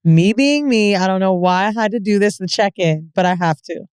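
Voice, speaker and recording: A woman's voice: mid-range voice, normal speed, a little mellow, clean tone, no echo. A woman in her thirties co-hosting a podcast, telling a story in casual chat, acting out the quotes and swearing freely. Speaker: podcast co-host.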